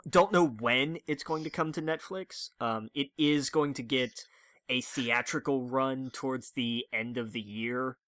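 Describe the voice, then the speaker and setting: A man's voice: medium pitch, measured pace, no echo. Man, podcast co-host, casual chat, rambling, dry close sound. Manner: rambling, animated storytelling with playful bits.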